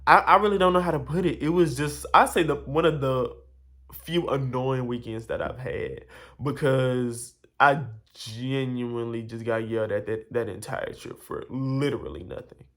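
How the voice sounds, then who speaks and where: A man's voice: mid-range voice, moderate pace. A man telling a personal story to camera in a casual, rambling way, exasperated and full of asides to his viewers. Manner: rambling, animated, exasperated retelling with many asides.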